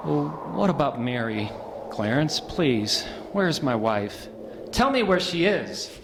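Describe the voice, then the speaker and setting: A man's voice: on the high side, very animated, slow pace, background noise, heavily acted. A man playing a desperate family man in an amateur church stage play, pleading and then overjoyed. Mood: frantic. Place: church hall. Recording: echoey hall with faint music.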